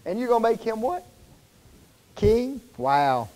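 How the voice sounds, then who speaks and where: A man preaching a sermon to his congregation in a folksy, conversational way, often pausing to quiz them with fill-in questions. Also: high voice, lively intonation. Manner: folksy, informal wording. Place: church sanctuary. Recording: long reverb of a church hall.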